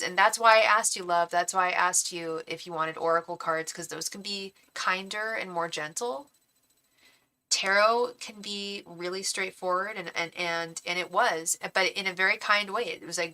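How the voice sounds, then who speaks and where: A young tarot streamer, emotional with her heart racing, speaks earnestly and defensively to her live audience, stammering and restarting and calling people pet names like honey and babe. Her fairly low voice is bright and forceful at a moderate pace, on a low-quality recording.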